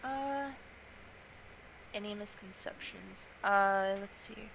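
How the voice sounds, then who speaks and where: Bright-voiced young woman chatting. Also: mid-range voice, takes it slowly, creaky, slight background noise, rough recording. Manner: chatty, frequent fillers, animated quoting. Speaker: guest, tarot reader. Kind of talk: casual interview chat.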